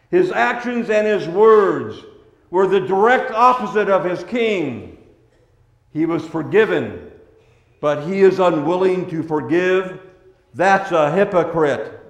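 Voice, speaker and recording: A man preaching a sermon as a pastor, swinging between hushed, tender passages and loud, forceful ones. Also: medium pitch, echoey room.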